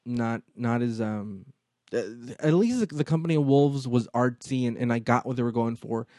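Casting: male podcast co-host, warm mellow tone, dry close sound, animated storyteller. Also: medium pitch, normal speed, dry recording. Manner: animated storytelling, acts out movie lines. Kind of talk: casual chat.

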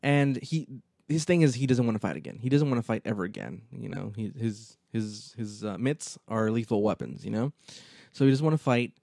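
Casting: male podcast co-host, warm mellow tone, dry close sound, animated storyteller. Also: medium pitch, fairly quick, vocal fry, dry recording. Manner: animated storytelling, acts out movie lines. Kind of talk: casual chat.

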